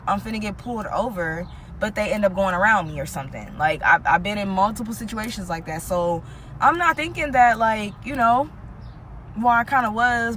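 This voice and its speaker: A woman with a slightly high voice tells a story straight to camera in a loose, casual way. She swears freely and keeps calling out to her viewers. A faint hum of noise sits under her voice. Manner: animated, profane, talks straight to viewers as "y'all". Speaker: vlogger telling a story.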